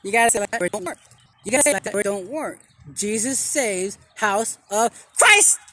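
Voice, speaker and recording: A man acting as a self-styled street preacher in a comic vlog sermon, speaking theatrically with dramatic pauses and repeated phrases. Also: high voice, lively intonation, a bit bright.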